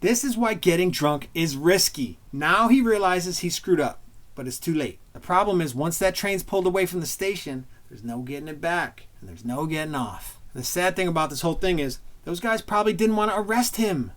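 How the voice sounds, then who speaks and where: A former police officer, a man whose voice sits slightly higher than most men's, gives blunt, plain-spoken commentary breaking down bodycam footage. He's expressive and talks a little fast in a fairly bright tone, slipping into street slang now and then.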